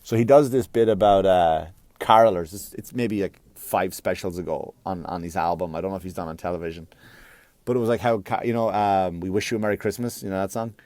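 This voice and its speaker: An Irish man doing a stand-up comedy monologue, swearing and animated in his delivery. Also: deep voice, fairly quick, dry recording. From Ireland.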